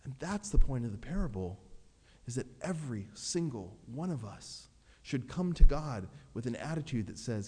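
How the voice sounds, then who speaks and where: A man preaching a sermon as pastor, earnest and expressive, acting out prayers in his own voice. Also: mid-range voice, normal speed, slightly rough, long reverb tail.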